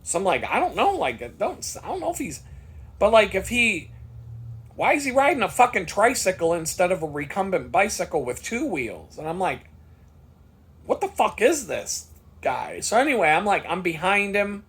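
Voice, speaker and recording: A man's voice: high voice, very animated, normal speed, fairly bright tone, breathy edge. A man vlogger telling a story in a casual monologue, worked up and swearing freely.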